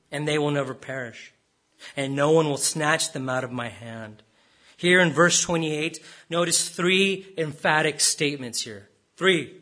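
Man, pastor, sermon, bright forceful tone, fairly high voice, emphatic repetition. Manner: emphatic preaching with rhetorical questions and repetition.

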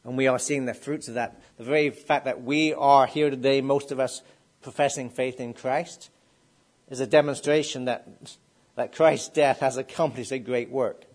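A man's voice: medium pitch, steady tone, normal speed, darkish tone. A middle-aged man preaching a sermon. He asks the congregation questions and builds up to emphatic declarations.

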